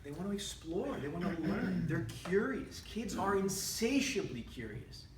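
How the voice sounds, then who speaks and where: A man's voice: high-pitched, moderate pace, a loud crowd. Man telling a funny story in an echoey room. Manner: humorous, animated storytelling with laughter. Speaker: public speaker. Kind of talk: prepared club speech, storytelling. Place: meeting room with an audience. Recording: echoey room from a distant mic.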